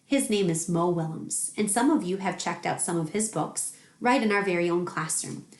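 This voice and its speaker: A woman teacher reading a picture book aloud to young children, expressive and gentle. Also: fairly low pitch, normal speed, roomy sound. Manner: warm, expressive storytelling.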